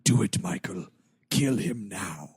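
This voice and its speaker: A man putting on a sinister male video game narrator who taunts the player in a low menacing drawl. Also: expressive, takes it slowly, breathy edge, exaggerated voice. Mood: taunting. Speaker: podcast co-host.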